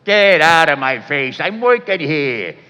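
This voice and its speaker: A man voicing a gruff, grumpy Brooklyn plumber who snaps at people. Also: a little high, big pitch swings, measured pace, sharp tone, exaggerated voice. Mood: irritated. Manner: snappy, rude. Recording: echoey hall, dull sound.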